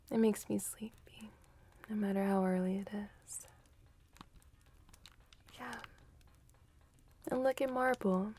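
A woman speaking softly and affectionately in a whispered role-play. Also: mid-range voice, slightly rough. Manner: soft and affectionate. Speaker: ASMR role-play partner.

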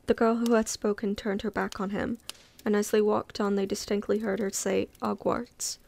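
A woman reading a novel aloud casually, relaxed and unpolished, sometimes stopping to comment. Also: medium pitch, moderate pace, gravelly. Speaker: reader.

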